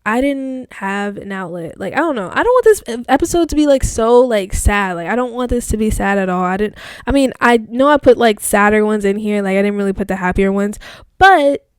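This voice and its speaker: A woman's voice: medium pitch, lively intonation, a little fast, clear, resonant tone, no echo, studio quality. A young woman hosting a casual solo podcast, reflecting aloud as she reads her old online posts, talking in a chatty, reflective way full of fillers. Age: young adult. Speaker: podcast host.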